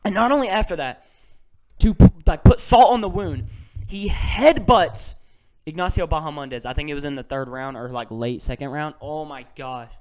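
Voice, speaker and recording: Excitable young man ranting about fights. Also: on the high side, normal speed. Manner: excitable, ranting, slangy, swings from mutters to shouts. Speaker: MMA fan vlogger. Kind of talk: casual fight breakdown.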